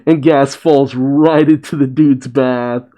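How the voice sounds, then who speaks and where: A man's voice: mid-range voice, steady tone, takes it slowly, mellow. A man casually recapping and reacting to a comic chapter, amused and laughing often. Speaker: manga reaction host.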